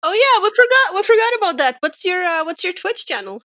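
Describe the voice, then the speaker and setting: A woman co-hosting a casual podcast, mostly answering with short, soft-spoken agreeing remarks. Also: very high-pitched, very animated, brisk, dry recording. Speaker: podcast co-host.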